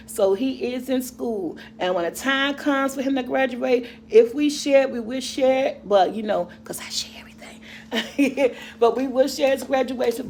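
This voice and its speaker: Middle-aged woman vlogger, chatty and rambling, slightly high voice, faint hum behind. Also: darkish tone. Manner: chatty, rambling, laughs often, answers viewer comments. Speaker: vlogger and mother. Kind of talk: casual chat with viewers.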